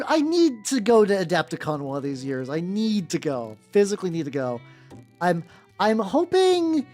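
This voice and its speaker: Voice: medium pitch, darkish tone. A streamer chatting casually on a livestream while painting miniatures, rambling with many restarts and some swearing. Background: faint background music.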